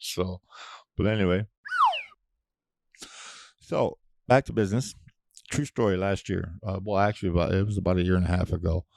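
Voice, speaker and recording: A man hosting his own show, ranting in a casual monologue, blunt and profane with sudden loud outbursts. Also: deep voice, normal speed, gravelly, pauses often, background noise. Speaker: podcast host.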